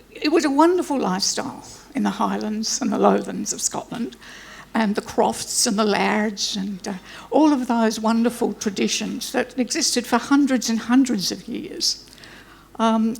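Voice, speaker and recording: A woman's voice: fairly high pitch, gravelly. A woman gives a chatty, self-deprecating welcome speech before introducing a guest lecturer. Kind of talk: informal anecdotal welcome speech.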